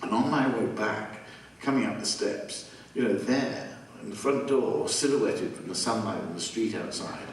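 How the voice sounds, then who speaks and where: An older man with an English accent, a guest musician telling animated stories and acting out the voices of people in them. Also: lowish voice, moderate pace, few pauses. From England. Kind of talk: anecdotal storytelling. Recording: distant mic with noisy ambience.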